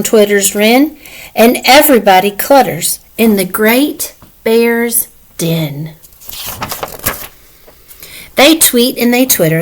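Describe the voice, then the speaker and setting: Slow, expressive woman reading a picture book. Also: mid-range voice, rough recording. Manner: slow, expressive, asks children questions. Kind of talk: picture-book read-aloud.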